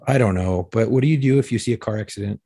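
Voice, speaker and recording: A man's voice: fairly low pitch, rapid-fire, warm tone, husky, no echo. A man on a casual show, delivering short jokes with dry punchlines. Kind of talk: telling one-liner jokes.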